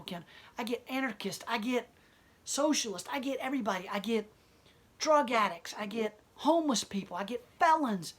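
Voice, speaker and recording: A woman's voice: medium pitch, a bit bright, breathy edge. A woman who owns a gallery speaks bluntly and defiantly in an impassioned interview monologue. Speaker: gallery owner and protester.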